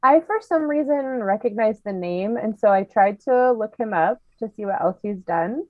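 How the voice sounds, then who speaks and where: A woman's voice: a little high, lively intonation, moderate pace, dry recording, highs cut off. A woman co-hosting a podcast in casual chat, chatty and giggly as she quizzes her co-host.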